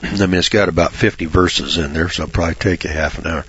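Blunt husky-voiced man preaching informally. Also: low voice, fairly even intonation, fast talker, fairly bright tone. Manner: blunt, folksy, swears freely; mocks churchgoers with sarcastic asides. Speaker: Bible teacher. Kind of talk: informal Bible commentary. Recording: dull lo-fi recording.

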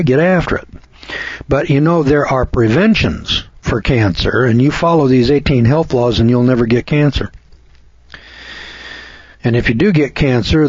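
A man's voice: mid-range voice, darkish tone, slightly rough, dry recording. An older man hosting a radio show, giving folksy, preachy commentary and stretching key words for emphasis. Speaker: radio host. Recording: dull lo-fi radio sound.

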